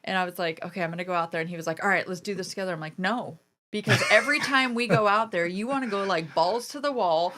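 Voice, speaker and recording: A woman with an American accent co-hosting a podcast, telling stories in an animated way and laughing often. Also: fairly low pitch, fast, a little hiss or hum. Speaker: podcast co-host. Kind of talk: casual podcast storytelling.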